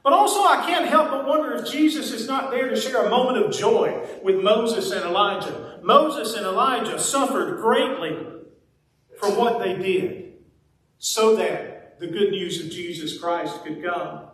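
Preacher, high-pitched man, folksy and chatty, heard from a distance in a very echoey church. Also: unhurried, a bit bright. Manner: folksy, conversational preaching with playful asides. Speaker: pastor. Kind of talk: sermon. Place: church sanctuary.

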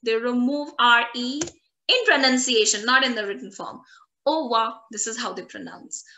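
A woman's voice: on the high side, normal speed, sharp tone. A woman teaching an online French lesson who repeats each word many times and encourages her learners. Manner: encouraging, calls out guesses and praise.

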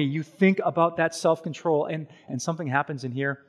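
A man preaching a sermon as pastor, animated and conversational, with slow, hushed stretches on solemn points. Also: a little high. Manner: animated and conversational, with everyday examples and quick asides.

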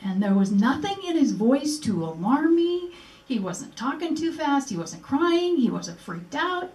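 A woman's voice: high-pitched, big pitch swings, measured pace, a little mellow. Older woman telling her story, echoey room. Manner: earnest, acts out remembered dialogue. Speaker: speaker at a memorial event. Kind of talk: personal storytelling speech. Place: museum presentation room. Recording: echoey room, mic at a distance.

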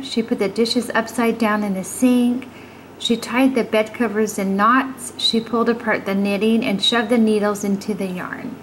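A woman reading a children's story aloud, expressive and playing with sound words. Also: a little high, slight background noise, poor audio.

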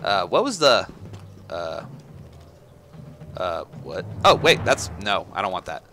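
A man giving let's play commentary on a shooter game, excitable, swearing and yelling at enemies. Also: low voice, slow pace, slight background noise. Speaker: gaming YouTuber.

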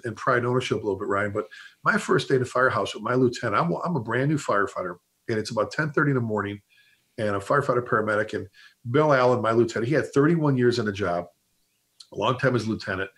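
A middle-aged man, a fire service instructor, telling stories in a casual chat, quick and animated, often restarting his sentences and quoting old bosses. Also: medium pitch.

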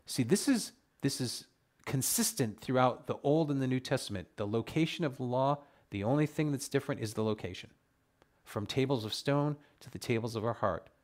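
A man's voice: mid-range voice, brisk, darkish tone. A man leading a Bible study, reading scripture aloud and reacting to the verses with emphatic exclamations. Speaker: Bible teacher.

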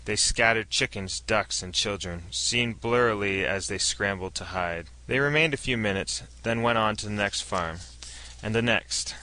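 A man narrating a science fiction story in a steady storytelling read. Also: fairly low pitch, normal speed, dry recording, rough recording.

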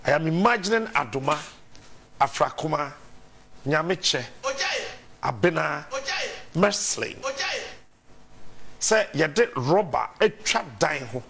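A Ghanaian man hosting a talk show, emotional and tearful at times, offering quick affirmations. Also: on the high side, animated, vocal fry, fairly bright tone. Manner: emotional, speaks through tears, affirming interjections.

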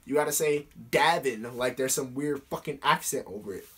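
A man's voice: mid-range voice, normal speed, a bit bright, slight background noise. A teenage boy answering fan questions in a casual vlog, talking bluntly with plenty of swearing and fillers.

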